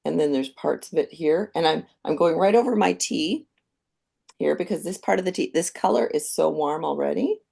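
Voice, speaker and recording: A woman giving a live painting demonstration, calmly explaining each step as she thinks aloud. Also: sits low, normal speed, creaky, husky. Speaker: painting instructor.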